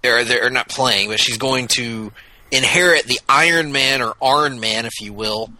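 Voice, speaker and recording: Man, podcast co-host, casual chat, jokey, bright, dry. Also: medium pitch, normal speed, no echo, poor audio. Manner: jokey, breaks into impressions.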